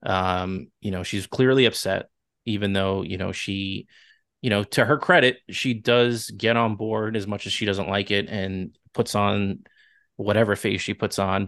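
Man, Long Island accent, casual podcast co-host, chatty, hedging, lowish voice, dry close sound. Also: fairly even intonation, a little slow, a bit bright, dry recording. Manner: chatty, leads the discussion with hedging asides. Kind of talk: casual recap chat.

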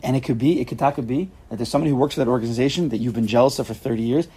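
A man leading an informal Torah class, animated and acting out quotes with sudden loud jumps in his voice. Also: medium pitch, very fast, breathy edge.

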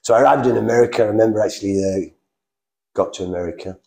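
A middle-aged man with an animated, conversational way of telling his story, slipping into other people's voices as he recounts dialogue. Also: on the low side, creaky. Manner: animated, acts out dialogue with quick voice shifts. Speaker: interview guest sharing a faith testimony.

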